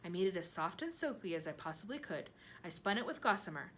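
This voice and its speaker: A woman voicing a gracious, gentle female spider in a storybook. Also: fairly low pitch, very animated, quick pace, a little hiss or hum.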